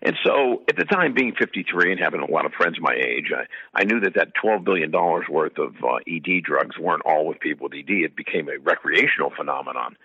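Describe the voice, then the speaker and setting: A man's voice: very deep voice, expressive, a little fast, gravelly, sharp tone, husky, no echo. A man guest in an interview, chatting through long rambling anecdotes with fillers, heard on slightly muffled audio. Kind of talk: casual storytelling.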